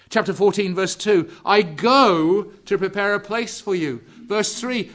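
A man preaching a sermon, slow and deliberate, drawing out key words and dropping to a hush for emphasis. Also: high-pitched. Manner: drops to hushed, quiet emphasis on key words.

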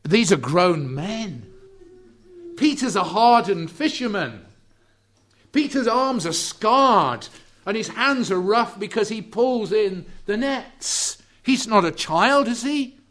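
A man preaching a sermon, slow and deliberate, drawing out key words and dropping to a hush for emphasis. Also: high-pitched, sing-song. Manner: drops to hushed, quiet emphasis on key words.

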